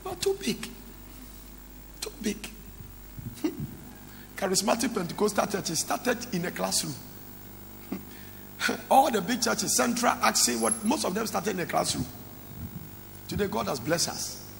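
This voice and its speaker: A man's voice: high-pitched, animated, unhurried, creaky, pauses often, fairly bright tone, a little hiss or hum. A man, a pastor preaching a sermon that slips into song and local words. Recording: echoey hall with faint ambience.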